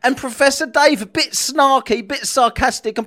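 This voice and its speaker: High, bright-voiced ranting man. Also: moderate pace, hardly any pauses. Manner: swearing, animated ranting. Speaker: podcast host. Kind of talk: casual commentary.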